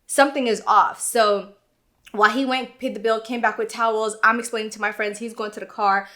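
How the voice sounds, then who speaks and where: Woman softly recounting a hard story. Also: on the high side, level tone, a little fast. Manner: subdued, earnest recounting. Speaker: podcast co-host. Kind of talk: casual storytelling.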